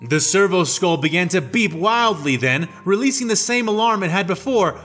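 A man narrating a fan fiction story in a steady, descriptive reading. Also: fairly high pitch.

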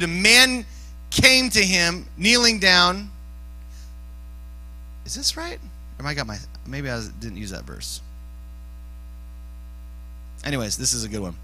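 Man, youth pastor, casual sermon, high voice, very bright and sharp tone, jokey, bursts into shouting. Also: measured pace, pauses often, rough recording. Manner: animated and joking, often rising to shouts. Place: church youth service.

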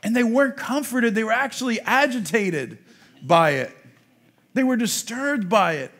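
A rabbi giving a sermon, preaching emphatically with rhetorical questions, swinging from quiet to loud. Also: male voice, extremely high pitch, lively intonation, normal speed. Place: congregation meeting room.

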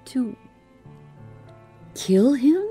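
A woman voicing a timid, fretful middle-aged male clerk who pleads in a high, anxious, stammering voice. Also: expressive, drawn-out words, dark tone, soft background music, heavily acted. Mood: frightened.

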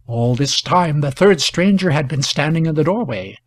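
A man reading a classic short story aloud as a narrator, in measured, even storytelling. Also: a little high, dry recording. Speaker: audiobook narrator.

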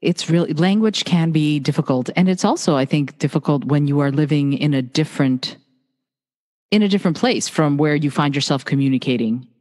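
Calm interviewer in a reverberant room. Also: medium pitch, brisk. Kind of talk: casual interview talk. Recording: long reverb.

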